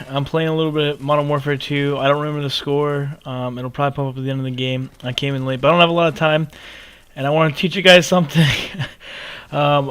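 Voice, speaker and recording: A man in his twenties telling a story in a casual, animated way over gameplay, with lots of cursing and emphasis. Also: on the high side, clean tone. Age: 20s. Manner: animated, profane, emphatic ranting. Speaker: gaming video creator.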